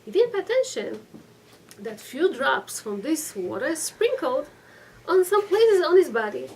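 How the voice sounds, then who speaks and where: A woman's voice: high-pitched, sing-song, unhurried, a little mellow. A middle-aged woman giving a religious class, telling stories with acted-out quotes and checking in with her listeners. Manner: storytelling with acted quotes, frequent restarts and "okay?" checks. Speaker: rabbanit giving a weekly class. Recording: distant mic with faint room noise.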